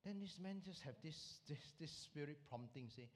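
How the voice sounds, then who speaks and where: A man's voice: fairly high pitch, lively intonation, moderate pace, few pauses. A man from Singapore with a Singaporean English accent, preaching a sermon and telling stories animatedly with local slang. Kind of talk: sermon with Bible teaching.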